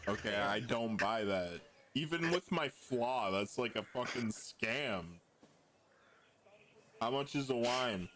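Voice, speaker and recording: A man playing a tabletop game over voice chat, blunt and deliberate. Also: medium pitch, lively intonation, a bit bright, slight background noise. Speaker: player. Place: home, voice chat.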